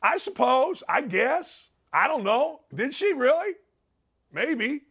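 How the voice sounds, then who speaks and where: Fired-up high-voiced male talk host. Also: very animated, takes it slowly, fairly bright tone, slightly rough. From Indiana. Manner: fired-up, blunt, ranting, with repeated phrases. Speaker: radio show host. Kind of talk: opinionated talk show monologue.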